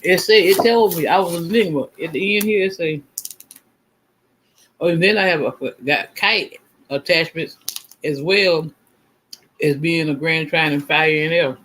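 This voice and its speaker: Man host, fairly high voice, loose rambling chat with faint hiss behind, sure of himself. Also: moderate pace, a bit bright, low-quality recording. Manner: rambling, emphatic, self-assured, repeats himself. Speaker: channel host. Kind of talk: casual livestream talk.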